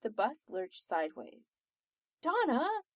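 A woman reading fiction aloud with expressive storytelling narration. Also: fairly high pitch, normal speed, gravelly, no room sound, studio quality. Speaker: reader.

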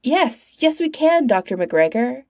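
A polite, earnest time-travelling man, voiced by a woman reader, courteous and a bit fatherly. The voice has a gravelly grain, a warm darker tone and sits close and dry. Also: high voice, big pitch swings, measured pace, dry recording, voice pushed up, full character voice. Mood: relieved. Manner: courteous, mildly scolding.

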